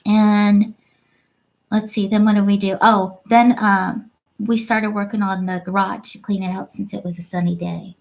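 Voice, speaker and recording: On a roughly recorded livestream, an Ohio woman chats casually, reads out what viewers comment, and laughs a lot. Her mid-range voice is creaky and a little mellow, with a level tone and a moderate pace.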